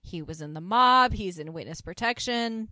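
A woman's voice: mid-range voice, moderate pace, no echo, studio quality. A woman co-hosting a podcast, casually recapping a TV episode and acting out the characters' lines. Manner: acts out characters' lines with lively voice shifts. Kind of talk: casual chat.

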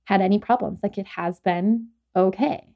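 A woman's voice: medium pitch, normal speed, gravelly, dull audio. A young adult woman hosting a podcast, telling stories in a rambling, casual way full of "like" and restarts. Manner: rambling, filler-heavy storytelling with frequent "like". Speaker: podcast host. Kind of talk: casual chat.

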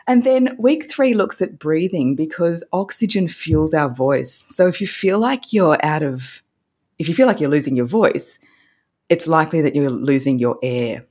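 A woman's voice: low-pitched, animated, moderate pace, darkish tone, breathy edge. A woman, a voice coach, explaining her course in an upbeat, instructive way as an interview guest. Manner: upbeat, instructive, demonstrates vocal techniques.

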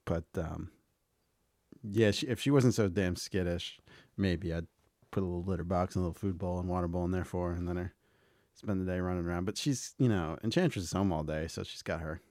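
A man with a fairly low voice, recorded close and dry with no room sound. He talks in a loose, rambling way, tells casual stories, swears freely and breaks into laughter as he co-hosts a podcast chat. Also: fairly quick, a little mellow, dry recording. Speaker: podcast co-host.

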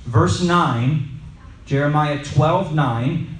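At a normal speed and a slightly high pitch, a man casually guides a group through Bible study, lively and storytelling, asking the listeners questions. Soft music plays in the background of an echoey room recorded from a distance.

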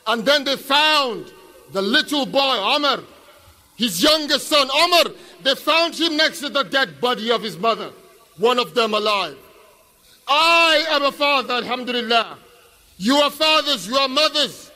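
A man giving an impassioned speech at an outdoor street protest, shouting call-and-response questions to a crowd. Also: very high-pitched, lively intonation, normal speed. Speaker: speaker at a protest rally.

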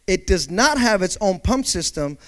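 High-pitched guy preaching, gets loud then hushed, does panicky voices, asks the church for an amen. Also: very animated. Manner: dynamic preaching, swinging from quiet to shouted call-outs; acts out panicked voices in quick asides. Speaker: pastor. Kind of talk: sermon.

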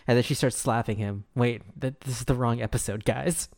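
A man's voice: mid-range voice, steady tone, vocal fry, crowd noise. A man co-hosting a podcast, chatting casually and jokingly about a TV episode, laughing often. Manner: joking, lots of laughter and quick asides. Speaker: podcast co-host. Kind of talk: casual chat recapping a TV episode. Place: studio.

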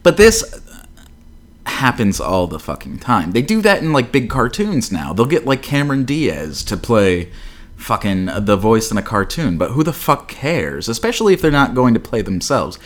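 A man's voice: medium pitch, very animated, normal speed. A man co-hosting a podcast in casual chat, blunt and profane, with plenty of fillers. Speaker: podcast co-host.

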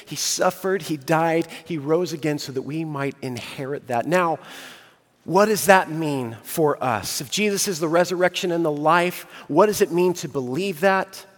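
Earnest preacher, man, reverberant hall. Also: fairly high pitch. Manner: earnest preaching with rising emphasis and slow pauses. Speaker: pastor. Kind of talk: sermon.

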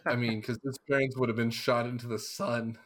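A man's voice: medium pitch, little pitch movement, a little fast, fairly bright tone. Rambling man co-hosting a podcast. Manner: rambling, digressive, joking. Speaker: podcast co-host. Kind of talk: casual chat.

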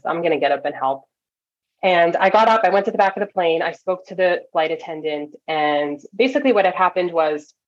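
A woman from Toronto, a nurse coach, telling a story as a podcast guest, animated and full of quick asides. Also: sits low. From Toronto, Canada. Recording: dull lo-fi audio.

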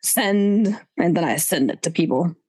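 A woman co-hosting a casual book chat, animated and self-mocking, with sudden pitch jumps when flustered. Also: a little slow, breathy edge. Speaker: podcast co-host.

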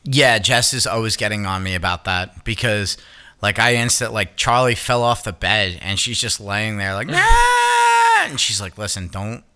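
A young man co-hosting a podcast, talking in a loose, rambling way with plenty of swearing. His voice is fairly low but very bright and clean. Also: moderate pace. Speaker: podcast co-host. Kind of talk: casual chat.

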